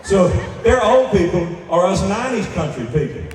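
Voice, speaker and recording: A man's voice: high voice, sing-song, normal speed, background noise. An older man telling rambling, self-interrupting jokes in a live stand-up set. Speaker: country singer doing stand-up between songs. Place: large indoor theater stage. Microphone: stage microphone through PA. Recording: echoey live hall recorded from far off. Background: audience laughter and music.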